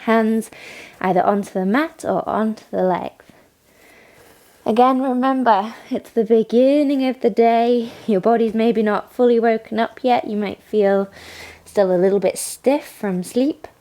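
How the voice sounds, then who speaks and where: A woman leading a morning yoga class, giving calm step-by-step cues and frequent praise. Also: fairly high pitch, a little slow. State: has the hiccups. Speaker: yoga instructor. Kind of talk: guided yoga class instruction.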